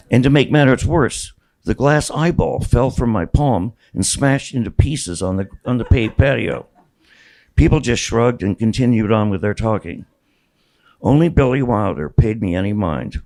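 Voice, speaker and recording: Reading from his own memoir at a bookstore event, a man in his sixties delivers wry stories with the odd small restart. His medium-pitched voice is a little mellow, with lively intonation at a normal speed. It's a rough recording.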